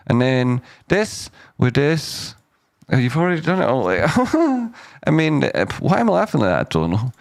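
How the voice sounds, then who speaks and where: A man's voice: medium pitch, creaky, no room sound, studio quality. A man hosting a casual live stock chart analysis, rambling and jokey, cutting himself off mid-sentence. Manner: rambling, self-interrupting, jokey asides.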